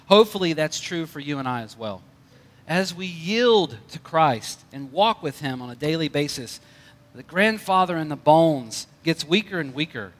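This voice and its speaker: A man's voice: a little high, animated, moderate pace, a bit bright, in a large hall. A male pastor preaching a conversational sermon with light jokes.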